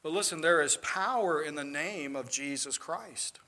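Man, pastor preaching, earnest, rises to emphatic peaks; higher-pitched. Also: normal speed, sharp tone. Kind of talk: sermon.

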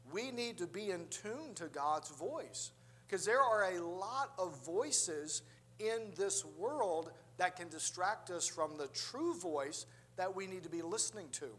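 Male preacher, slightly high voice, storytelling sermon with acted-out quotes. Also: fairly bright tone.

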